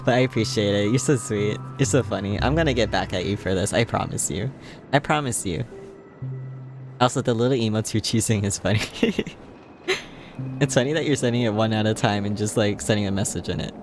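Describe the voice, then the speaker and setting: Game music runs behind a man hosting a casual livestream, where he jokes around, giggles and talks to his viewers in a tired, playful mood. His voice sits on the low side and moves fairly quickly.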